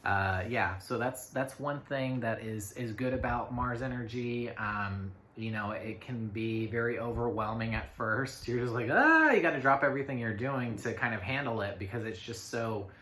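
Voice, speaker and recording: Bright-voiced man rambling in an echoey room. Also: mid-range voice, steady tone, normal speed, few pauses. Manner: rambling, full of fillers and self-asides. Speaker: astrology reader. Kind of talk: casual spoken forecast. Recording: echoey room with faint noise.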